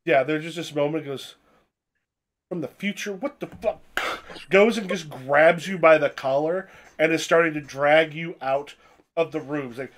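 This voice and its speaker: A man narrating a tabletop heist game as game master, his voice sitting a little high. He stumbles and restarts his sentences as he improvises the scene. He swears in surprise when the dice go badly. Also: normal speed, a bit bright.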